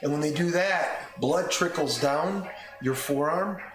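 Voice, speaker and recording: A man narrating a tabletop game as game master, describing scenes haltingly with frequent restarts. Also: a little high. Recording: echoey room with music behind.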